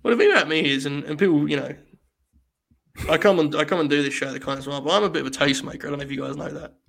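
A man hosts a loose, live-streamed podcast. His voice sits a little high and carries a gravelly fry. He rambles through jokes and breaks into laughter easily. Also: racing, fairly bright tone. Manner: joking and rambling, laughs often. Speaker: podcast host. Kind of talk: casual wrestling chat on a live stream.

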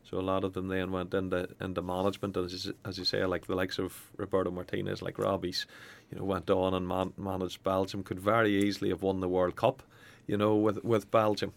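A former footballer, a man, answering an interview in a halting way with many restarts. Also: low voice, completely flat delivery, creaky.

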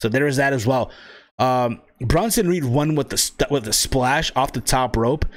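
A man's voice: mid-range voice, normal speed. A young man hosting a wrestling podcast alone, chatting casually in a rambling, profane way with many fillers and tag questions like "right?". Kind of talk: casual solo podcast chat.

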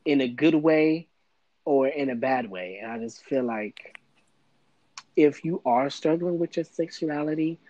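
Young male podcast guest, mid-pitched, halting and earnest delivery, dry studio sound. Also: darkish tone, dry recording, highs cut off. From United States. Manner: hesitant, stumbling over his words. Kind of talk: casual interview conversation.

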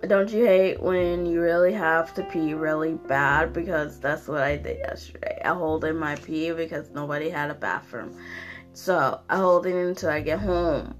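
A woman's voice: low-pitched, normal speed, faint music behind. A young woman hosting her own podcast, ranting casually with lots of fillers and swearing, sounding tired. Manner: rambling, profane, frequent fillers. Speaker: podcast host. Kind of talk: casual solo rant.

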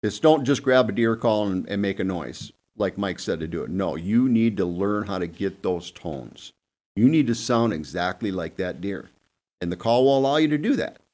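A lower-pitched man tells stories in a lively, swooping voice that rises and drops as he acts out little scenes. His talk is casual and energetic, full of asides. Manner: animated, acts out deer and buddies in quick asides. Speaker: guest hunting expert. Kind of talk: casual storytelling on a podcast panel.

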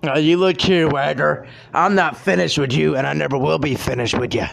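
Furious gravelly man ranting. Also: fairly high pitch, steady tone, fairly quick, a bit bright. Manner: furious, insulting, threatening rant. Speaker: podcast host. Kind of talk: angry ranting podcast.

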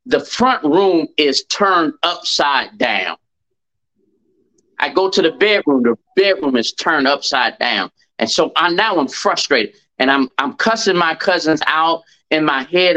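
A middle-aged man with a drawl tells a personal story as a podcast guest. His voice sits a bit high and rings bright and forceful. He leans on key phrases and repeats them for weight. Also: lively intonation, unhurried, poor audio.

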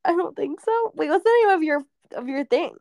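A woman's voice: high voice, animated, a little fast, a little mellow, dry recording, studio quality. A young woman co-hosting a podcast in casual chat, talking freely with plenty of "like" fillers. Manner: chatty, lots of "like" fillers. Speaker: podcast co-host.

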